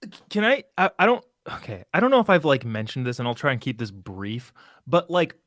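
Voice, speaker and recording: A man's voice: medium pitch, sing-song, a little fast, a bit bright, dry recording, clean studio sound. A young adult man, a comedian guest on a political stream, talking casually with many restarts and fillers. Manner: rambling, self-interrupting, hesitant fillers.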